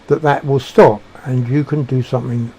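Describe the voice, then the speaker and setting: Halting, mellow-voiced man musing aloud. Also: mid-range voice, steady tone, creaky. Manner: halting, searching for words, many restarts. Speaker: speaker sharing personal beliefs. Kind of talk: reflective monologue.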